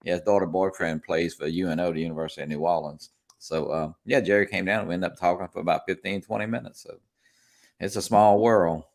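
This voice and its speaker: A man's voice: low-pitched, steady tone, fast, vocal fry. A man from South Louisiana, hosting a casual live chat in a laid-back, chatty way and laughing often. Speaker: host of a live drone chat.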